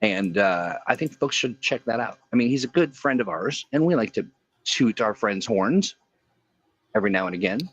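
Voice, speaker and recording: A man's voice: on the low side, expressive, normal speed, breathy edge, dry recording, rough recording. A man co-hosting a livestream chat show, joking and reading chat messages aloud. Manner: jokey, reads chat aloud. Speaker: co-host. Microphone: remote call.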